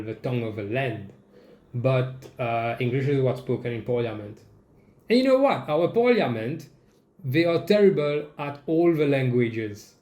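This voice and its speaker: A young man from Mauritius, host of a comedy show, ranting in a casual, animated way and swearing freely. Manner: animated, jumps into mocking high-pitched quoted voices, swears. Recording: echoey room.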